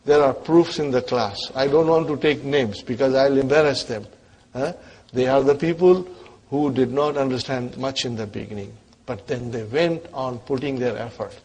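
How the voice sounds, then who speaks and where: A man teaching an Arabic grammar class, coaxing his students and checking in with them often, his voice dropping away quietly at the ends of phrases. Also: mid-range voice, slightly rough.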